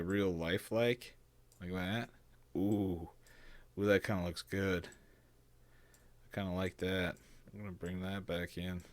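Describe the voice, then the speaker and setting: Low gravelly man talking through a tutorial. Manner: chatty, thinking aloud, hums and mutters to himself. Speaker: bait designer teaching CAD. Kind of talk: casual screen-recorded tutorial.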